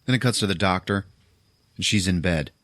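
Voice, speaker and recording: A man's voice: sits low, fairly quick, a bit bright, dry recording. A man hosting a podcast, casually recapping a movie in a loose, profane way. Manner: loose, profane, retelling with quoted voices. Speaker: podcast host.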